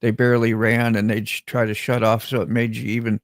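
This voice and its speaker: A man's voice: mid-range voice, level tone, fairly quick, no room sound, clean studio sound. An American man chatting casually on a livestream in an easygoing, agreeable way. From United States. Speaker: livestream co-host. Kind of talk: casual chat.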